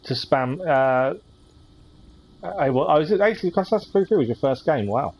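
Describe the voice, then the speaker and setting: A man's voice: fairly high pitch, lively intonation, normal speed, darkish tone, a little hiss or hum, rough recording. A man chatting casually as he streams a game and reads its text aloud. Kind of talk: live gameplay commentary.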